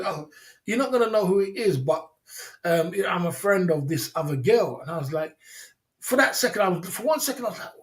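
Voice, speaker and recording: A man telling a rambling, slangy story on a livestream. He repeats himself and laughs often. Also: high voice. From England. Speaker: livestream host.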